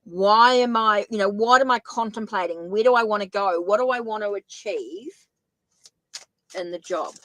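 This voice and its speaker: A woman's voice: mid-range voice, moderate pace, a bit bright, no echo, rough recording. A woman with a New Zealand accent giving a live-stream tarot reading, thinking aloud and correcting herself as she goes. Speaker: tarot reader.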